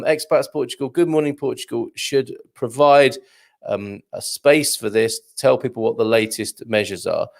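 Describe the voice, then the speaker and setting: A man's voice: medium pitch, creaky. A man hosting a live show, musing over the news in a wry, chatty way and asking his audience questions. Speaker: show host.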